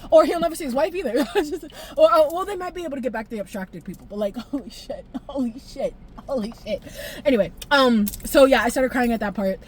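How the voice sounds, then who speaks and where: Young woman, highish voice, swearing, laughing, emotional vlog rant. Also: fast, few pauses, slight background noise. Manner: expressive, profane, laughs often, jumps pitch when excited. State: tearful at times. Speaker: vlogger. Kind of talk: casual animated recap.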